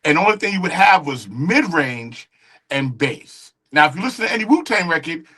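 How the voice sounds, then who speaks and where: A middle-aged man, a music engineer and guest, casually telling studio stories in an animated way and acting out the quoted dialogue. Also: on the high side, fairly quick, breathy edge. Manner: animated storyteller who acts out quoted dialogue. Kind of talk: casual interview storytelling.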